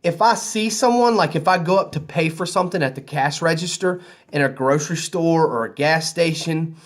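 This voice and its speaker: A man with a Southern US accent chats to camera in a loose, rambling way, his voice sitting a little high. He sounds easygoing and conversational, like he is talking to friends from a hotel room. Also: moderate pace. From American South. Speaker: vlogger. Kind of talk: casual storytelling to camera.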